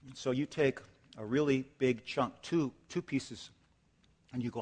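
A man's voice: medium pitch, steady tone, moderate pace, a little mellow. A man preaching a sermon in a church, telling a dramatic story with acted asides and building to impassioned emphasis. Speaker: pastor. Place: church sanctuary. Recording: long hall reverb.

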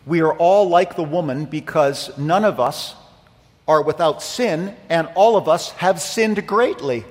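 An earnest man preaching in a church, his fairly high voice swelling and rising on the phrases he stresses. The sound carries a long reverb tail from the sanctuary. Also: a little slow, darkish tone. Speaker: pastor. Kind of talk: sermon.

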